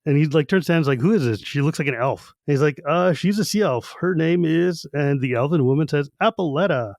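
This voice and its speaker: A man co-hosting a podcast, recapping a book in casual chat and acting out the characters in quick quoted bits. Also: on the high side, a little mellow, no room sound. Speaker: podcast co-host.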